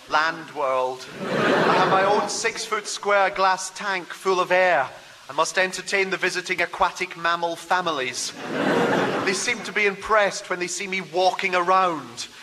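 A man's voice: fairly high pitch, long reverb tail, very noisy, close to an everyday voice. An actor playing a frightened male scientist held by dolphins, pleading nervously in a comedy sketch.

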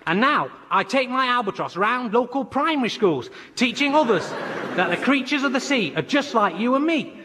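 A man's voice: very high voice, lively intonation, moderate pace, sharp tone, in a large hall, a little hiss or hum, exaggerated voice. A man playing a cheery young sailor who wears a dead albatross, chirpy and matter-of-fact in a comedy sketch.

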